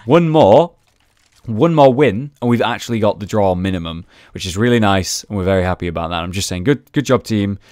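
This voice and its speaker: A man's voice: fairly low pitch, quick pace, hardly any pauses, a little mellow, no echo, studio quality. A young man chatting casually over gameplay footage, recapping rounds and swearing freely. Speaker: gaming video host.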